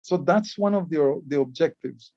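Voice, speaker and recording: A man's voice: fairly high pitch, moderate pace, dark tone, dry recording, highs cut off. A man from Belize, giving an explanatory conference talk as a Maya writing educator, often repeating words as he starts a phrase. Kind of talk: conference presentation.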